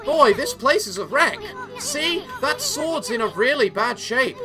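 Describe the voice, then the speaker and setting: A woman's voice: high-pitched, sing-song, unhurried, pitched above the performer's own voice. Woman reading a cheeky cocky little companion. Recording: game music behind.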